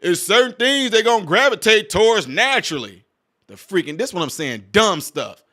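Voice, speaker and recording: This is a man hosting a reaction video, his voice pitched high and cutting through sharp and bright. He talks straight to his audience as y'all and stacks up mocking questions in exasperation. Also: big pitch swings, brisk. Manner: addresses viewers directly as y'all. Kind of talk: reaction commentary.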